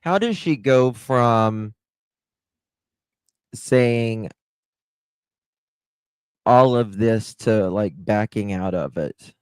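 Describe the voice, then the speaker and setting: A man hosting a casual live commentary stream, musing slowly and putting questions to his viewers. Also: on the low side, a little mellow, smooth, no room sound. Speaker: livestream host.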